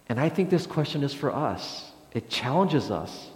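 A man's voice: mid-range voice, lively intonation, moderate pace, hardly any pauses, roomy sound, long reverb tail. A man preaching a sermon as pastor, speaking hesitantly with frequent restarts and fillers, recorded in a church sanctuary.

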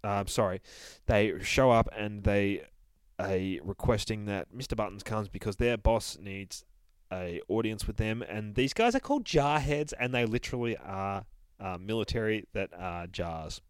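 A man's voice: fairly low pitch, animated, normal speed, clean tone, dry recording, poor audio. A man hosting a podcast, casually retelling a comic in a rambling, profane, laughing way. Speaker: podcast host reviewing a comic.

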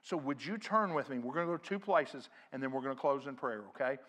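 A middle-aged man preaching a sermon as pastor, earnest, growing louder when he quotes scripture. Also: medium pitch, lively intonation, a little fast. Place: church sanctuary.

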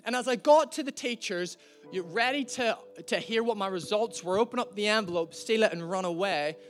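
A man preaching a sermon in a conversational, storytelling way, slowing down to stress key lines. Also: sits high, a bit bright, soft background music.

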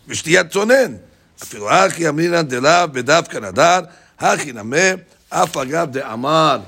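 A man with a higher, husky, creaky voice teaches a Talmud class at a moderate pace. He animatedly works through the text, dramatizing both sides of the dispute in quoted lines.

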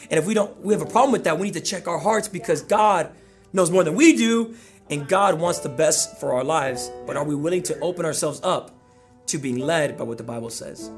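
A male pastor delivers an energetic, conversational sermon and drives his points home by repeating them. His voice sits high for a man. Soft instrumental music plays quietly underneath.

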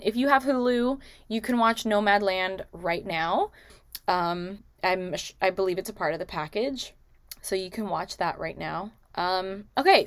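A woman's voice: medium pitch, clean tone, no room sound. A woman in a casual movie recap vlog, talking chattily with many "like" and "you know" asides. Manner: acts out characters' lines in quick quotes. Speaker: movie recommendation vlogger.

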